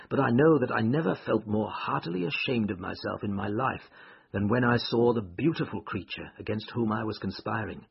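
A man giving scripted first-person narration of a classic story, telling it in a measured, expressive way. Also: fairly low pitch, creaky, husky. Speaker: audiobook narrator. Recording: muffled lo-fi recording.

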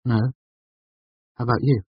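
Audiobook: male narrator doing a teasing young woman, husky edge, dry dull sound. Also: medium pitch, fairly even intonation, normal speed, dry recording, voice pushed up, natural voice. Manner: raised, lighter voice, playful and teasing. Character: young woman, wry, teasing and quick-witted. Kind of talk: audiobook character voice. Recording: slightly dull, dry recording.

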